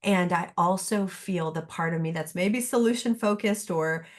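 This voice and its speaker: A woman's voice: on the low side, normal speed. A middle-aged woman therapist speaking as a podcast guest, reflective and earnest, often restarting her sentences. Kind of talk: podcast conversation.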